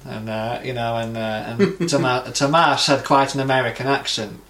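A man's voice: mid-range voice, fairly even intonation, fairly quick, few pauses, a bit bright, roomy sound. A man co-hosting a podcast, telling anecdotes in casual chat and acting out the voices of people in his stories. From England. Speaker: podcast co-host.

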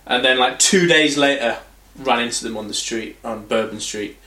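A man's voice: medium pitch, normal speed, pushed and bright, roomy sound. A man hosting a podcast, talking casually, rambling through anecdotes and swearing freely. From England. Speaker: podcast host. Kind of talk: casual chat.

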